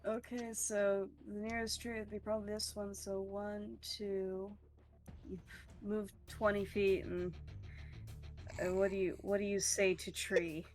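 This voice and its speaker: A woman acting as game master in a tabletop game over voice chat, relaxed and often laughing. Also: medium pitch, unhurried, faint music behind. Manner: relaxed, counts squares aloud, laughs often. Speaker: dungeon master.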